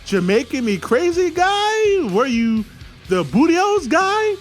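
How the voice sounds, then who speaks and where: A man voicing a calm, menacing male wrestler who talks slowly and sinks low at the ends of his lines. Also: soft background music, full character voice. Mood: brooding.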